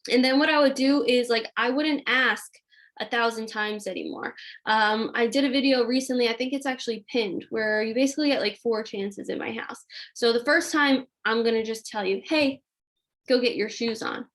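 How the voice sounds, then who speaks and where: A woman's voice: a little high, moderate pace, fairly bright tone. A woman hosting a live question-and-answer session on a video call, giving parenting advice in a casual, chatty way with frequent fillers.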